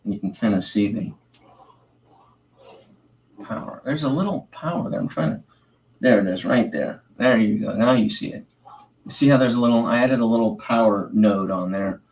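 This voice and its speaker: A man with a lowish voice hosts a late-night livestream about collectible figures. He rambles casually, thinks out loud and apologizes to viewers for slip-ups. His tone stays loose and conversational. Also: slight background noise.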